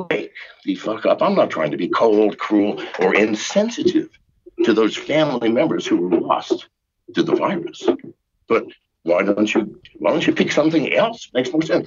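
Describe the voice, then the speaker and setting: Older male guest, husky, swooping pitch, profane exasperated rant, muffled lo-fi line. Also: very animated, normal speed. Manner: profane, exasperated ranting with sarcastic jokes. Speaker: podcast guest. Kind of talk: ranting call-in interview.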